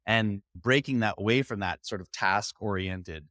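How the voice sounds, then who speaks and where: Low-voiced, reflective male podcast host. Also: moderate pace, a bit bright, no room sound, studio quality. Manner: reflective, loose, many fillers like 'like'. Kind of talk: casual conversational interview.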